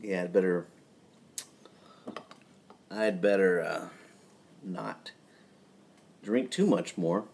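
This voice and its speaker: A man casually chatting on his own live stream from his home garage at night, relaxed and rambling, with chuckling asides. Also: low-pitched, very slow, gravelly, long pauses.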